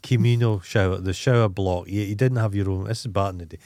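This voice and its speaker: A man's voice: on the low side, steady tone, fast talker, a little mellow, no room sound. Crude-talking Scottish man, dry sound. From Scotland. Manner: crude, blunt storytelling. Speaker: podcast co-host. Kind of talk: casual chat.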